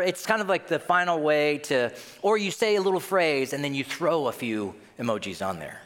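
A man's voice: on the high side, brisk, hardly any pauses, fairly bright tone, big-room sound. A man preaching a sermon as pastor, who acts out voices and reactions of the people in his story. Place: church.

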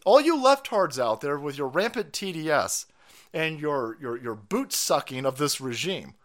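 A man hosting a political livestream, ranting loudly and crudely with sarcastic laughs. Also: a little high, sing-song, unhurried. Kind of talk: profane political rant.

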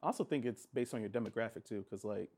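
Dude cohosting a chill podcast, blunt and jokey, gets loud when he's riled. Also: lowish voice, fast talker, breathy edge. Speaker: podcast co-host. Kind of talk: casual chat.

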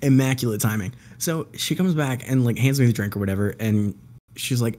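A man's voice: on the low side, fast. A man casually telling a long story to friends on a call, swearing freely and acting out the voices of the people in it. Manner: profane, animated storyteller who acts out quoted voices. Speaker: podcast guest telling a story.

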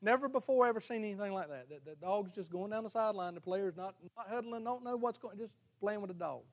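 A male pastor, preaching a sermon in a folksy, storytelling way that builds to loud, fervent exhortation. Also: high-pitched, fast.

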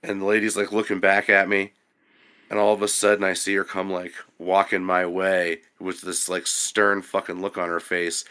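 Brief: young male podcast guest, bright forceful voice, profane lively storyteller. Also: sits low, moderate pace, smooth. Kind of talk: casual storytelling.

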